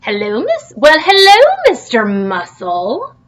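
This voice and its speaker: A woman's voice: fairly high pitch, wildly swooping pitch, slow pace, exaggerated voice. A woman voicing a pushy, eager little male plankton shrimp in a storybook read-aloud, calling out insistent greetings.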